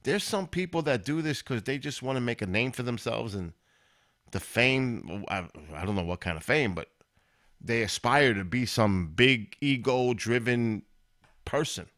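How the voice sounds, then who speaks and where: A man's voice: medium pitch, lively intonation, unhurried, a bit bright. A man hosting his own live stream, chatting casually and rambling as he talks straight to viewers in chat.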